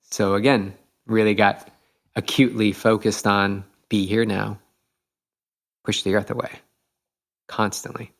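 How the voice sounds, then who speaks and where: Lower-voiced man telling an eager race story. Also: flat delivery, a little slow, long pauses. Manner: enthusiastic, reflective, many fillers. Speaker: podcast host, triathlete. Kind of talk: casual storytelling chat.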